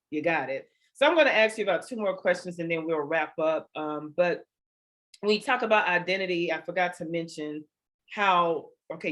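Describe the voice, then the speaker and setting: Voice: medium pitch, fairly bright tone. Interviewer, board member, upbeat, emphatic, affirming. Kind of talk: conversational interview.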